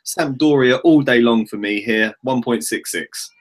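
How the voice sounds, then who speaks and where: A man with a London accent delivers his pick in a brisk, confident way. His pitch sits in the middle range. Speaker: sports writer. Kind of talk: casual betting panel chat.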